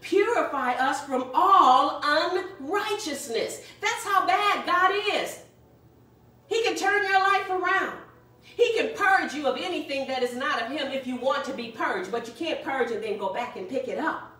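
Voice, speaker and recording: A woman's voice: high voice, lively intonation, measured pace, sharp tone. A woman pastor preaching a sermon, emphatic and repetitive, exhorting her congregation. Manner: emphatic, repeats key phrases, exhorts the congregation. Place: church sanctuary. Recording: very echoey room, voice far from the mic.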